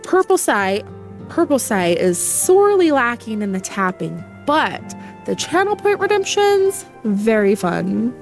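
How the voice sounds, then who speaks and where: A woman's voice: on the high side, big pitch swings, unhurried, soft background music. A young woman streaming a game, chatting casually and reading the dialogue aloud, laughing often.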